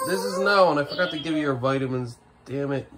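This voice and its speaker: A man's voice: fairly high pitch, fast, very noisy. A man filming his kids at home in a casual vlog, exasperated and half-laughing as he talks to them. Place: family home.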